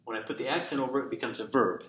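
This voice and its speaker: In an echoey, empty classroom with constant noise, a male teacher delivers a lecture in rapid-fire fashion. His voice is mid-range, and he works through examples one step at a time, repeating every one.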